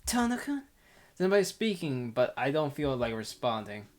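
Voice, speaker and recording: A man's voice: mid-range voice, lively intonation, a little fast, darkish tone. A man reading a visual novel aloud in a casual playthrough, amused and laughing often. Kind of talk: casual game playthrough narration.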